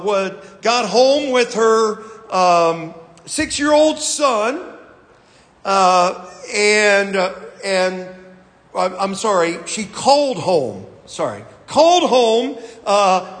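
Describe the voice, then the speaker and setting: In a church sanctuary with long hall reverb, a male pastor with a very high-pitched, fairly bright voice preaches a sermon. He reads scripture and tells folksy, self-deprecating stories full of fillers.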